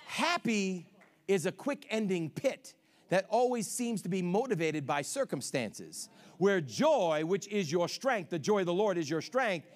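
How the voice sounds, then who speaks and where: A male pastor preaches with an emphatic delivery, and his voice is very high. His pitch leaps around animatedly as he swings from shouted lines to soft asides. It has the fervor of a live sermon. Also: sing-song, measured pace.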